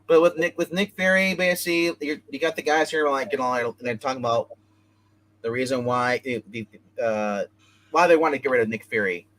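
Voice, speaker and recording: A man hosting a casual comic book review, rambling as he retells scenes and tosses in quick bits of dialogue. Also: mid-range voice, a bit bright, low-quality recording.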